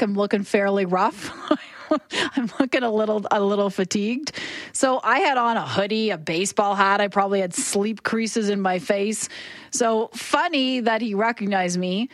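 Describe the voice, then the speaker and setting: A woman hosting a morning radio show, telling stories in a chatty, animated way. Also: mid-range voice, normal speed, no echo. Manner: chatty, animated storytelling with laughter. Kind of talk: casual radio chat. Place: radio studio. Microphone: studio microphone.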